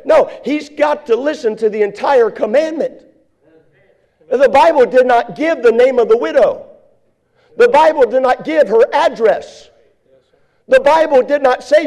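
Male pastor, high-pitched, sermon delivery with rising shouted emphasis. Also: expressive, moderate pace.

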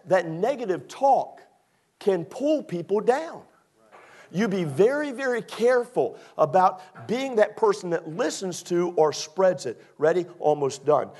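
A man from Maryland preaching from the pulpit. His fairly high voice stays loose and conversational, full of jokes, then swells with emphasis when he presses a point. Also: a little mellow. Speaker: pastor. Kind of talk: sermon.

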